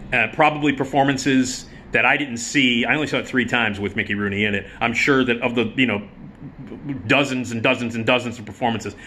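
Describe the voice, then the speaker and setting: Profane, bright-voiced man telling a story. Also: medium pitch, a little hiss or hum. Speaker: vlogger and storyteller. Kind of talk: casual anecdote monologue.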